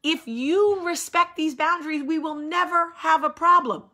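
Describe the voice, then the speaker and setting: A woman's voice: very high-pitched, moderate pace, bright, forceful tone. A woman host in her thirties, coming down with a cold, talking bluntly and acting out quoted voices in casual chat.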